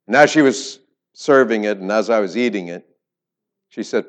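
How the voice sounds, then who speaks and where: A man with a low voice delivers a sermon as a former pastor. He tells stories, dropping quiet and then rising loud for emphasis. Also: expressive, normal speed. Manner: storytelling with swings in loudness.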